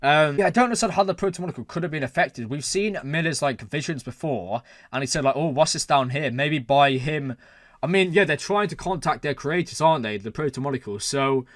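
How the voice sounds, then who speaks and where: A man hosting a reaction channel, excitedly talking through a TV episode and thinking aloud, with lots of exclamations and fillers. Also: a little high, fairly quick, no echo, clean studio sound.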